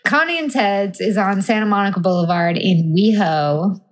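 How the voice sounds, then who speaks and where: A woman from Montauk, New York, co-hosts a podcast, trading crude, giggly banter in casual chat. She speaks at medium pitch and normal speed.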